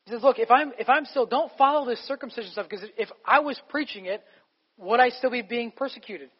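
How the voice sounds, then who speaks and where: A man's voice: very high voice, brisk, slightly rough, in a large hall, dull audio. A man preaching a sermon as a pastor, emphatic and conversational, asking the congregation rhetorical questions.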